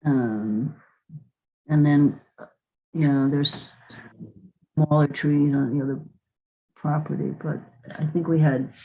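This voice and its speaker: A woman's voice: deep voice, warm tone, breathy edge, poor audio. A woman chairing a planning board meeting in a chatty way, with frequent chuckles and fillers. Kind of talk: meeting chat.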